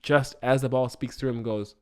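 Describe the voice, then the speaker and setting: A man's voice: mid-range voice, fairly even intonation, normal speed, a little mellow. A man co-hosting a comedy podcast, casually improvising a scene and laughing often. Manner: casual, laughs often, acts out lines in goofy voices.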